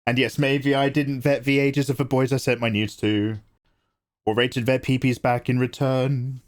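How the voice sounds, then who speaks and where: A smug online influencer, a woman, gives a sugary, mock-sincere apology, as a man puts her on in his own mid-pitched voice. The delivery is syrupy and fake-earnest, as if reading a prepared statement to the camera. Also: flat delivery, moderate pace, lightly acted.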